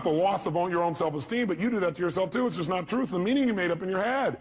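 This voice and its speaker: A man's voice: high voice, expressive, rapid-fire, few pauses. A man giving a motivational seminar talk, punchy, firing rhetorical questions at a live audience and acting out voices. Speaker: motivational speaker.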